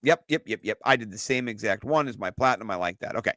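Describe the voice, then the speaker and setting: A man co-hosting a sports podcast, talking excitedly and loosely, with lots of fillers and some swearing. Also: on the low side, quick pace, no room sound. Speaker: podcast co-host. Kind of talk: casual sports chat.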